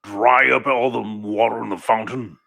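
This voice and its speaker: A man's voice: medium pitch, steady tone, normal speed, vocal fry, pushed and bright. A man playing a dwarf warlock in a tabletop game, teasing and playful. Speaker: player. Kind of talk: tabletop role-play.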